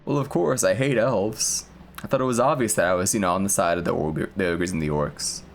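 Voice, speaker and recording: A man's voice: sits low, a little fast, creaky, slight background noise. A young man streaming a game, chatting casually in a rambling, crude, jokey way and laughing often. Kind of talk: casual gameplay chat.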